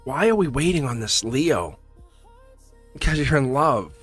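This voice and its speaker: A man's voice: medium pitch, sing-song, measured pace, fairly bright tone, husky, no room sound, soft background music. A man giving a live tarot reading, blunt and chatty, laughing often and acting out little voices. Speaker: tarot reader.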